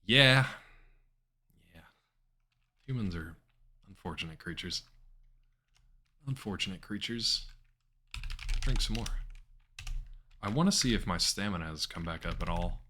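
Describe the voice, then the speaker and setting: A man rambles casually through a live game stream, his voice sitting a little low but bright and forceful. He talks to chat with many ums and restarts. Keyboard clicks tap along in the background. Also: expressive, a little slow, pauses often, a little hiss or hum. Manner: rambling, chatty, with frequent fillers. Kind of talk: casual live-stream commentary while gaming.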